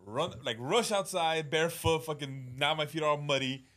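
A man's voice: on the high side, normal speed, fairly bright tone. Swearing storyteller man on a podcast. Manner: swears freely, tells stories with acted-out quotes; laughs often. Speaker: podcast co-host. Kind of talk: casual podcast chat.

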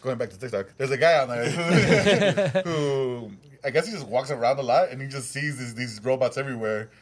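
A man's voice: medium pitch, normal speed. A man, joking and laughing often in casual podcast chat. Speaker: podcast co-host.

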